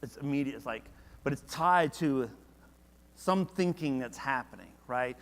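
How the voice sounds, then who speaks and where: A man with a mid-range voice leads a church Bible study at an unhurried pace, the sound carrying a big-room quality. He keeps things casual and conversational, frequently posing questions to the class and growing animated when he reads verses.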